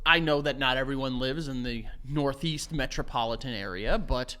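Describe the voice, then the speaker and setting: A man's voice: mid-range voice, moderate pace, bright, forceful tone, clean tone. A man co-hosting a podcast in casual chat, teasing his partner and laughing at his own jokes. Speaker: podcast co-host.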